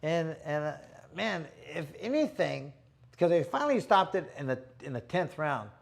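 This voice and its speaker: A middle-aged man, a boxer hosting a show, telling stories in a casual, animated, slangy way and acting out what people said. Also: fairly high pitch, moderate pace, creaky. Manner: animated, slangy, acts out quotes. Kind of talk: casual storytelling chat.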